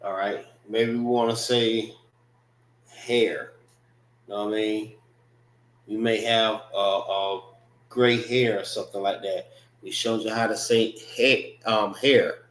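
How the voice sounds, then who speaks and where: Slow, drawling American man teaching. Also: fairly low pitch, steady tone, echoey room, rough recording. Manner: slow, repetitive, drills pronunciation with frequent "all right" and "know what I mean". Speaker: Hebrew language teacher. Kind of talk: classroom language lesson.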